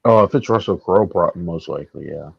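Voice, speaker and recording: A very low-voiced man chatting as a co-host, hesitant and often repeating himself. The sound is dry and a little dull, like a lo-fi mic. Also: brisk, gravelly, slightly rough, no room sound. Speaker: podcast co-host. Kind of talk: casual chat.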